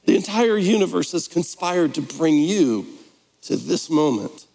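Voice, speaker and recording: A man's voice: on the high side, animated, measured pace, creaky, dark tone, long reverb tail, low-quality recording. A man preaching a sermon as pastor, in a conversational, playful way, slipping into mock voices. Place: church sanctuary.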